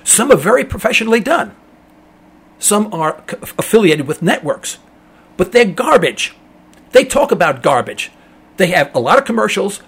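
A man's voice: sits high, slightly rough. A middle-aged man hosting a talk radio show, ranting emphatically in a rambling monologue and mocking callers in a dopey voice.

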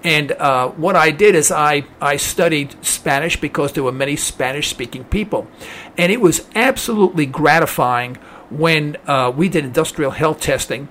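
Older male host, higher-pitched voice, rambling and preachy, faint hiss behind. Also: normal speed, fairly bright tone. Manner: rambling, repeats words, impassioned and preachy. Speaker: talk show host reading listener emails. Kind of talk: casual opinion monologue.

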